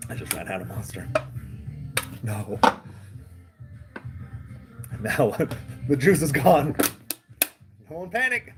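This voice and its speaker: A man's voice: medium pitch, animated, slow, long pauses, loud music behind the voice. Rambling laid-back man on a livestream. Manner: rambling, laughs often, swears casually. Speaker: livestream host. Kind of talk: casual livestream chat.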